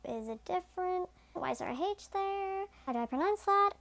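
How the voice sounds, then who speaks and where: A high, quizzical voice full of confusion, with a gravelly edge to it. This is a put-upon language learner who complains about the rules, done by a woman teacher mid-lesson. It is captured on a small earphone mic plugged into a phone. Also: animated, moderate pace, a bit bright, heavily acted. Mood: puzzled. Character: puzzled, grumbling language learner.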